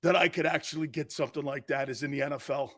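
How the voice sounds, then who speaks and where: Fast and fairly even in intonation, this man's voice sits on the high side. He hosts a sports talk show, delivering a brash, mocking, combative rant and cracking himself up at his own jokes.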